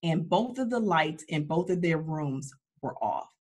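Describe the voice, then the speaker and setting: A woman's voice: deep voice, lively intonation, unhurried, darkish tone. A woman attorney, a guest, sharing personal stories in a candid, heartfelt way with many restarts. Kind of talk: emotional personal storytelling in a conversation.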